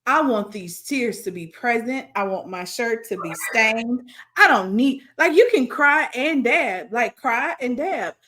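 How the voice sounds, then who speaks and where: A woman co-hosting a casual chat podcast, joking and firing off quick bursts of commentary. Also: on the high side, lively intonation, a bit bright. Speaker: podcast co-host.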